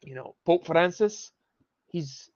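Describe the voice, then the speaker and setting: A man's voice: a little high, slow pace, darkish tone, no echo. A young man hosting a livestream, ranting with heavy swearing and rambling restarts, and dropping Spanish phrases into his talk. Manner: profane, rambling, heated. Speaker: livestream host. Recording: dull lo-fi home mic.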